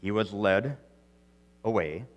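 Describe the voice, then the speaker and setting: A male pastor preaching an earnest sermon, repeating words as he goes and swinging between loud emphasis and quiet, soft phrases. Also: fairly low pitch, slow, in a large hall. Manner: earnest preaching with frequent restarts and strong swings in loudness.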